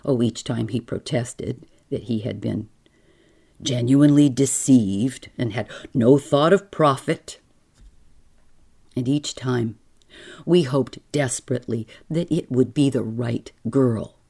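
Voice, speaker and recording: A woman voicing a calm, earnest middle-aged father who reasons patiently in a spoken story. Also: rumbling low, slow, vocal fry, slightly rough, pitched below the performer's own voice, full character voice. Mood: earnestly reasoning.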